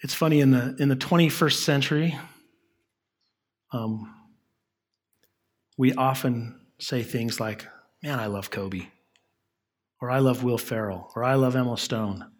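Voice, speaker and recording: Male pastor, relaxed conversational preaching, slightly husky tone, leans quiet for emphasis. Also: mid-range voice, a little slow, pauses often. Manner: conversational, drops to a soft hush on key lines. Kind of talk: sermon.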